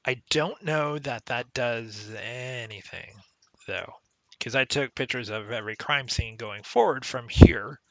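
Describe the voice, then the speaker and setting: A man's voice: medium pitch, fairly bright tone. A man giving casual, conversational commentary while playing a retro adventure game, explaining its mechanics as he goes. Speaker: let's play commentator.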